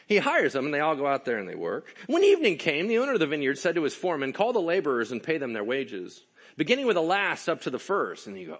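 A man's voice: a little high, quick pace. A male pastor preaching a sermon in church, acting out voices, joking and asking the crowd questions. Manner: animated, acts out voices, jokes and asks the crowd.

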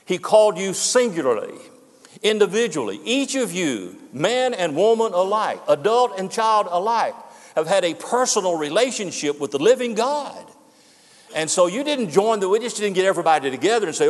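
A man's voice: high-pitched, very animated, moderate pace. An older man preaching his farewell sermon as pastor, earnest and emphatic, repeating words for weight. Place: church sanctuary. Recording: long hall reverb.

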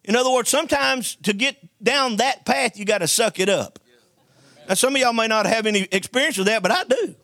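A man's voice: very high-pitched, fairly quick, creaky, sharp tone, no echo. A man preaching a sermon, telling folksy stories and calling for amens from the congregation. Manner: call-and-response preaching, folksy storytelling.

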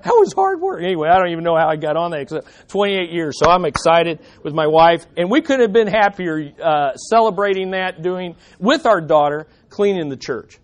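Middle-aged male pastor, high voice, lively sermon with humorous asides. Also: normal speed, hardly any pauses. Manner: animated, joking asides to the congregation.

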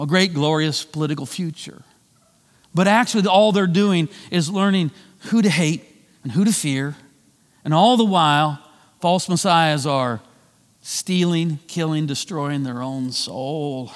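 High-voiced man preaching in a reverberant church. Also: fairly bright tone. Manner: preaching with wide swings of pitch and volume, slowing for emphasis. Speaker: pastor. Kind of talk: sermon.

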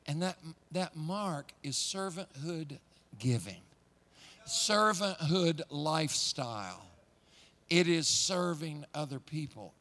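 A male preacher with a somewhat high voice delivers a sermon in a lively storytelling manner. He builds excitement, doubles back on his words and chuckles as he goes.

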